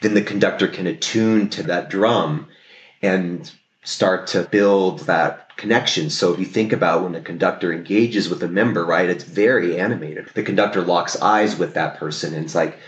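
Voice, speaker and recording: A male therapist guesting on a podcast speaks in a low voice at normal speed, explaining things reflectively and often checking in with "right?". The recording has roomy echo and cut-off highs.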